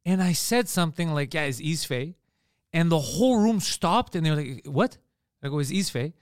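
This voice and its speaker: A man with a Park Extension Montreal Greek accent, a podcast host telling animated, swearing stories in casual chat. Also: a little high, clear, resonant tone, dry recording, clean studio sound. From Montreal, Canada. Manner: fast, animated storytelling with swearing.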